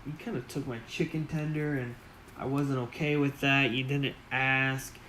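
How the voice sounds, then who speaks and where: A man voicing a steady male adventurer who speaks plainly. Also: medium pitch, moderate pace, slight background noise, lightly acted, poor audio. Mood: reminiscing.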